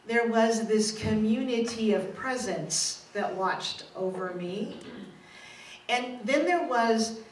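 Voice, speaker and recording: A middle-aged woman minister giving a candid personal testimony sermon, self-mocking and laughing often. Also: a little high. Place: church sanctuary. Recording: roomy echo, from a distance, faint noise.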